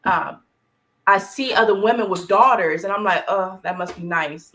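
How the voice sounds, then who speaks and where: A woman's voice: medium pitch, moderate pace, a bit bright, a little hiss or hum, rough recording. A woman speaks earnestly and openly about something painful, her voice close to tears. She talks with restarts and fillers while she cooks, heard over a video call. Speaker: podcast co-host. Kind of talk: emotional personal talk.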